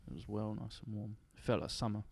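A man's voice: lowish voice, quick pace, creaky, a little mellow. A young man chatting casually on a podcast, rambling through stories and laughing often. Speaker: podcast host. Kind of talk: casual chat among friends.

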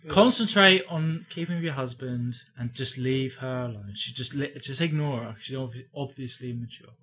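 Bloke giving blunt advice on a podcast, bright voice, bit of hiss behind. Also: male voice, mid-range voice, normal speed. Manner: blunt, matter-of-fact advice with banter. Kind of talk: casual chat.

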